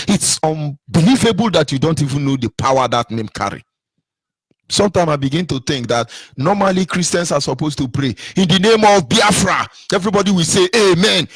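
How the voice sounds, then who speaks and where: A man's voice: on the high side, fairly bright tone, husky, dry recording. A man with a Nigerian accent delivering an impassioned political monologue, preachy and emphatic, firing off rhetorical questions and repeating himself for effect. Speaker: political commentator.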